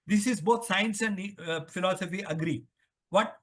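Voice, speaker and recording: Older indian guy, high voice, rambling lecture-style answers, keeps asking himself questions. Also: normal speed, fairly bright tone. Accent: Indian English. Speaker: author interviewed on the Vedas. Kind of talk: explanatory conversational interview.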